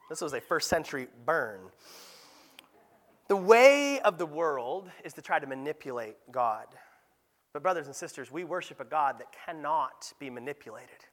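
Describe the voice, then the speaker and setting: A male pastor preaching in a lively, conversational way, keeping the congregation with him through frequent "right?" asides. His voice sits high for a man and has a bright, forward ring. Now and then he acts out quoted voices and playful sound effects. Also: moderate pace. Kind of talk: sermon.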